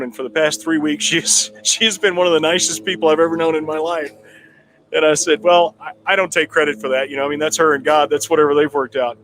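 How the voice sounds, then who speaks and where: A man tells a long personal story in a relaxed, rambling way, restarting his sentences as he goes. His voice sits a little high for a man, and there is faint noise in the background. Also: quick pace. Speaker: political candidate guest. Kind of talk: storytelling in a town hall.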